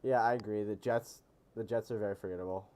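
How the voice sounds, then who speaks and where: A man's voice: on the low side, steady tone, fast talker, warm tone. A man streaming a racing game, talking casually in a rambling, jokey way and often correcting himself mid-sentence. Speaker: gaming streamer. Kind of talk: casual live game commentary. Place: lives near a Pennsylvania capital city.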